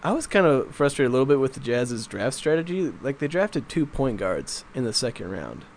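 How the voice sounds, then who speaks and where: A man's voice: mid-range voice, very animated, fairly quick, slight background noise. A man in casual sports chat, rambling and mildly exasperated as he makes his points.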